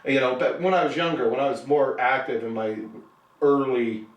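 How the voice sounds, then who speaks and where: A man's voice: mid-range voice, moderate pace, echoey room, recorded from a distance, low-quality recording. A man in his thirties hosting a hobby show, talking in a sarcastic, rambling way and cracking jokes. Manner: sarcastic, rambling with jokey put-on voices. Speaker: show host. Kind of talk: casual hobby chat.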